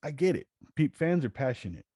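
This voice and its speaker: A man's voice: fairly high pitch, a little fast, husky, dry recording, studio quality. A man hosting a podcast in casual chat, telling stories with energy and stumbling over restarts. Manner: animated storytelling, stammers on restarts. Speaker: podcast host.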